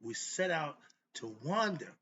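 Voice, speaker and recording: A man's voice: on the high side, very animated, unhurried, a bit bright. A man talking casually on his own, loose and chatty, correcting himself as he goes. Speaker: host. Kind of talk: casual solo talk. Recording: dull lo-fi sound with faint noise.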